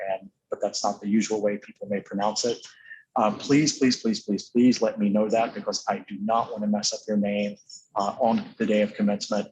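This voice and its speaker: Halting man briefing graduating seniors. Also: on the low side, a little hiss or hum, rough recording. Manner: halting, filler-heavy, earnestly pleading. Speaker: college official addressing graduating seniors. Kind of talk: informational briefing to students.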